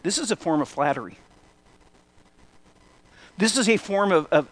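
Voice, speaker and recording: Man, middle-aged, pastor, high voice, conversational sermon, wry asides. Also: animated, moderate pace, pauses often, a bit bright, breathy edge. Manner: conversational, self-deprecating asides.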